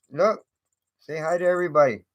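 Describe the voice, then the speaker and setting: Man, channel host, casual stream talk, rambling with fillers, unhurried. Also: high-pitched, big pitch swings, fairly bright tone. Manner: rambling, lots of fillers and repeats.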